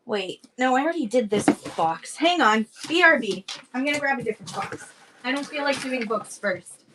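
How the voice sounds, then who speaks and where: Woman from Canada, fairly high voice, rambling live-stream seller, chatty and a little breathless. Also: expressive, moderate pace, background noise. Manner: chatty, rambling, greets viewers by name. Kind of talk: casual live-stream selling chat.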